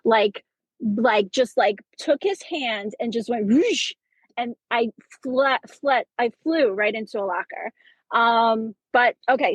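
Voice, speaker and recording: A woman's voice: fairly high pitch, husky, no room sound, rough recording. A teacher in her forties sharing a personal story on a podcast, talking in rambling bursts with many restarts and fillers. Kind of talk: casual chat.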